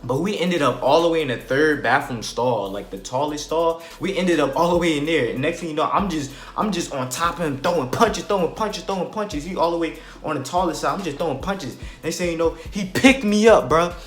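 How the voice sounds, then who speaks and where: A man's voice: on the high side, fairly quick, hardly any pauses. A young man telling a personal storytime vlog in casual slang, acting out quotes and sound effects. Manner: animated retelling, acts out quotes and sound effects. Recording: echoey room with faint music.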